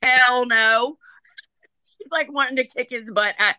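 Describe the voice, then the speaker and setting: A woman leading a psychic reading talks in an easy, chatty way, laughing often and relaying what she hears. Her voice is bright and forward. The recording is close and dry. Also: on the high side, takes it slowly, no room sound. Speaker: psychic medium. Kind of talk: group reading session.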